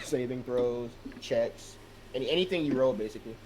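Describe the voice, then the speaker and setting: A man playing a tabletop game, chatting casually and thinking aloud in halting phrases. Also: mid-range voice, animated, darkish tone, slight background noise. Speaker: player.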